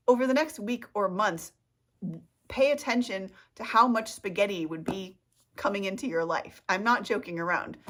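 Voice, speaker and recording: A woman vlogger, talking straight to camera in a loose, rambling way. She pokes fun at herself as she goes, and her voice sits a little low. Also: fairly bright tone. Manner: chatty, rambling, self-mocking, with laughs and playful asides. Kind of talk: casual talk to camera.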